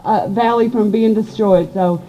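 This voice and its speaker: A woman from emceeing an outdoor rally, chatty and energetic, leading chants with the crowd. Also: medium pitch, measured pace, dull audio, heavy background noise. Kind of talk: rally speech with call and response. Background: loud crowd.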